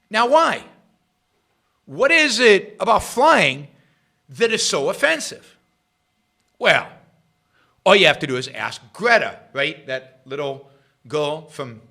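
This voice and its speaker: A middle-aged man hosting a political talk livestream, sarcastic and rambling, jumping between loud emphasis and quiet muttered asides. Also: high voice. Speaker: host of a political talk show. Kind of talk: livestream commentary.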